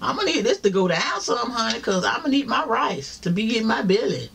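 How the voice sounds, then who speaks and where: A woman's voice: on the high side, sing-song, fairly quick, gravelly, fairly bright tone, slight background noise. Chatty woman mukbang vlogger. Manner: chatty, talks straight to viewers, religious exclamations. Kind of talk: casual chat while eating. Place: home, seated in a chair.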